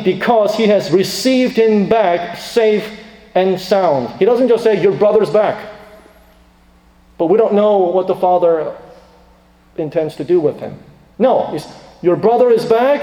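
A man preaching a sermon dramatically, swinging from loud emphatic questions to quiet asides. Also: high-pitched. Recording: echoey reverberant hall.

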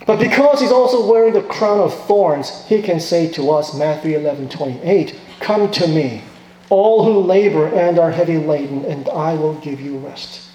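Pastor guy preaching, goes quiet then loud, kinda high mellow voice, big echoey church. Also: normal speed. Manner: impassioned, swings from hushed to loud. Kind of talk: sermon. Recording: echoey hall with long reverb.

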